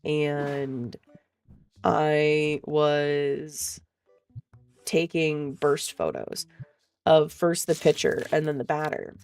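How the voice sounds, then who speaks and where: A woman's voice: low voice, steady tone, drawn-out words, long pauses, darkish tone, no echo. A woman vlogger telling a story in casual chat, blunt and profane, laughing often.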